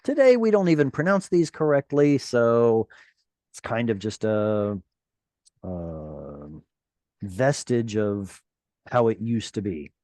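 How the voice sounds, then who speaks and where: With no room sound in the audio, a man in a mid-range voice takes his time leading a Hebrew grammar lesson over video call. He's lively and encouraging, tossing in playful side comments.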